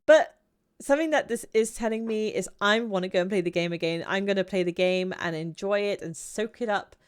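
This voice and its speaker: A young woman hosting her channel, reviewing a film in a casual, rambling way with frequent restarts and laughter. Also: mid-range voice. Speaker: YouTube channel host.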